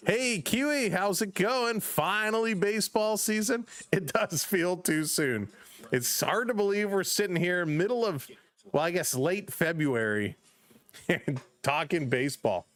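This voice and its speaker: Calling a baseball game live on his stream, a man speaks a little slowly, greeting chat viewers by name between pitches and growing loud and excited when big plays happen. There's no room sound in the recording.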